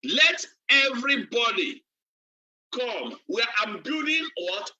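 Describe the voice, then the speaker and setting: Guy doing a prophet yelling warnings, slow and loud, lo-fi sound. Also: extremely high pitch, very animated, distant mic, exaggerated voice. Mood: urgent warning. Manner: loud drawn-out warning calls. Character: old prophet urgently warning his people.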